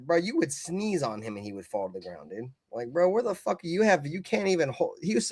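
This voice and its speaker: A man co-hosting a heated fan sports stream, cursing and swinging between loud outbursts and low mutters. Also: dry recording. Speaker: co-host of a fan sports show.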